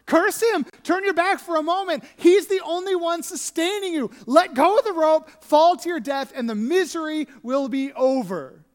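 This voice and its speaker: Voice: very high voice, moderate pace, few pauses, long reverb tail, pitched above the performer's own voice. A preacher voicing a bitter wife who harshly urges her ruined husband to give up, in a sermon. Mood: urging. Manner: loud, urging and harsh.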